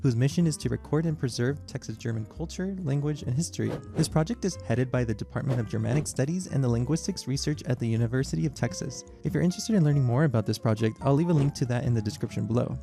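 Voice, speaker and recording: A man's voice: medium pitch, fast, vocal fry, hardly any pauses. A man hosting an educational video, giving an explanatory scripted narration. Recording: music bed under voice.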